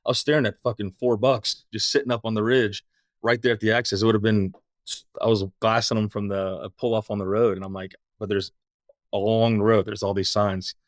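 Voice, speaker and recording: Dude hosting a podcast, talks real fast, lowish voice, casual cussing. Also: male voice, level tone, dry recording, clean studio sound. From East Tennessee. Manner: rapid, casual, profane. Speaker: podcast host. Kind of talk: casual chat.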